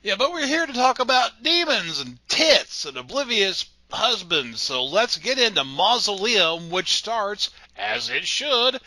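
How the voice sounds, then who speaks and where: Male podcast host, very bright voice, lively sarcastic delivery, dry close sound. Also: high-pitched, measured pace, hardly any pauses, no echo, poor audio. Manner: animated, sarcastic, swears casually. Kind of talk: casual movie-review chat.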